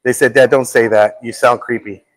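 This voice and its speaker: A man's voice: medium pitch, normal speed, no echo. A middle-aged man hosting a live show, chatting casually and joking, often repeating his words. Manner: jokey, animated, repeats words. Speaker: host.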